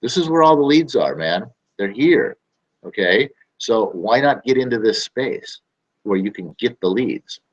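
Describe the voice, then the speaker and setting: A man's voice: mid-range voice, animated, measured pace, husky, lo-fi sound. A man hosting a casual talk to camera, rambling and emphatic, often repeating his phrases. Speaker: show host.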